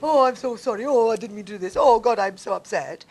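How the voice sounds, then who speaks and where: A woman voicing a possessive, excitable young Neapolitan husband, loud and effusive. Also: very high voice, normal speed, pitched above the performer's own voice, heavily acted. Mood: tearful.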